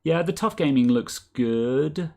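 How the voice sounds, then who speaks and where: A man's voice: fairly high pitch, expressive, slow pace, gravelly, a little mellow. A man co-hosting a casual tech stream over a video call, rambling and correcting himself as he reads viewer comments. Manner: rambling, self-correcting, chuckles often. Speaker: tech podcast co-host reading super chats.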